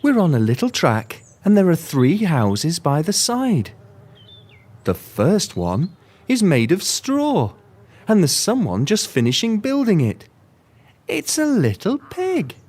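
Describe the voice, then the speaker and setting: A woman storyteller for young children, speaking slowly in a slightly low voice. Her pitch rises and falls with lots of expression. She keeps turning to her listeners with questions. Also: slightly rough. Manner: gentle, expressive, talks to the listeners.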